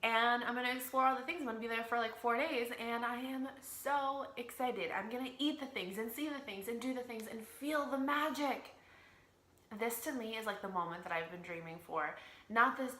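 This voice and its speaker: A woman's voice: fairly high pitch, moderate pace, fairly bright tone. A young woman, a single mom and fitness coach, talking casually and expressively to camera in a vlog. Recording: roomy echo.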